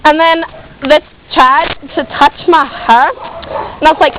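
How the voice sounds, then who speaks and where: A woman's voice: sits high, fairly even intonation, measured pace, a bit bright, slight background noise, low-quality recording. A woman performing a comic monologue in a sassy valley-girl manner, filling her talk with "like.".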